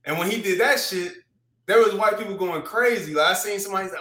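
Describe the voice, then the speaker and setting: Animated, profane man in casual chat. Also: high-pitched, fast talker, roomy sound. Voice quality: profane, rambling with restarts, animated when retelling.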